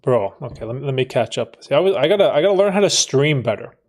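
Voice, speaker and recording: A man in his thirties hosting a live stream, reading out chat comments and answering them in a relaxed, chatty way, laughing often and restarting his sentences. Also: mid-range voice, quick pace. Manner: laid-back, laughs often, trails off and restarts. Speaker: livestream host answering chat.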